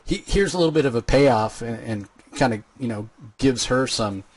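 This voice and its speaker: A man's voice: mid-range voice, normal speed, husky. A man hosting a casual interview, asking long rambling questions full of fillers and earnest praise. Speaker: podcast host.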